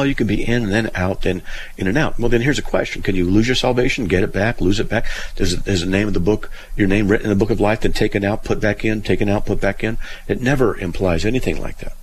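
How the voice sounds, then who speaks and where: Deep-voiced man explaining scripture. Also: slight background noise, low-quality recording. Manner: explains scripture step by step, reads verses aloud, dry humor. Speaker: radio Bible Q&A host. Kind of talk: call-in radio answering a caller.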